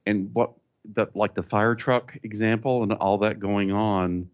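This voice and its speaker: A man in a conference audience making a candid, animated comment from the floor. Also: on the low side, unhurried, muffled recording. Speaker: audience member. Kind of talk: question from the floor. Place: conference room.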